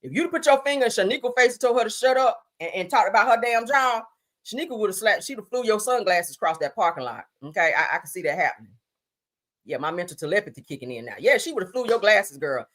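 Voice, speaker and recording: Sassy woman livestream host with lively pitch. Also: fast talker. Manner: animated, sassy, calls listeners honey, swears freely. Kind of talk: casual commentary on news and gossip.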